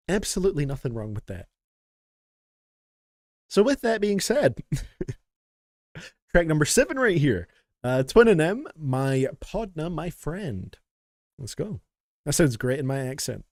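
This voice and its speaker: A man streams live, reacting to songs viewers have submitted, joking around, laughing often and chatting casually with his audience. His voice is fairly high and sing-song, slow with frequent pauses, captured in studio quality with no echo while faint music plays in the background.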